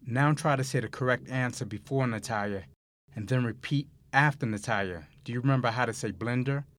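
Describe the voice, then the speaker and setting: A man hosting a recorded language course, explaining grammar mistakes and giving listen-and-repeat prompts in a measured, clearly enunciated way. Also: mid-range voice, a bit bright, no room sound. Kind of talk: scripted Spanish lesson narration.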